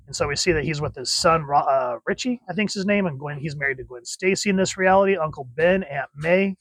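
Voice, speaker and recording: A man's voice: a little high, fairly quick, fairly bright tone, no room sound. A man giving a casual, enthusiastic comic book review in a chatty way.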